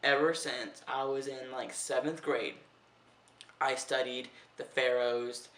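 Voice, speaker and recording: A man's voice: medium pitch, level tone, slow pace, fairly bright tone. A young man vlogging in a casual, chatty way, full of "like" and swearing freely. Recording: roomy echo, heard from a distance.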